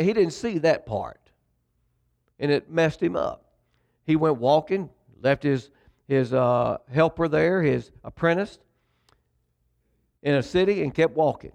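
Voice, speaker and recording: A man's voice: fairly high pitch, vocal fry. A man preaching a sermon, retelling a story. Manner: storytelling preacher, conversational with dramatic pauses. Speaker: pastor.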